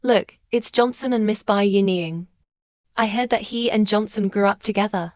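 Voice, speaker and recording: A woman speaking dubbed drama dialogue in a plain, measured way. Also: medium pitch, fairly even intonation, darkish tone, no room sound, clean studio sound, close to an everyday voice.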